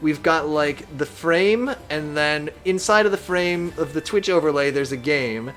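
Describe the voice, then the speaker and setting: A man's voice: on the high side, unhurried, faint music behind. A man live-streaming a strategy game, chatting casually and reading viewer messages aloud. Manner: reads chat aloud, chatty and animated.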